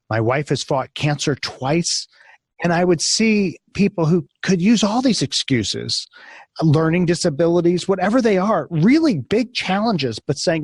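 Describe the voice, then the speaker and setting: A man, an author and guest, talking in an emphatic, animated motivational way, telling stories with rising intensity. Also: on the high side, husky, no echo, clean studio sound. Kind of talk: motivational interview talk.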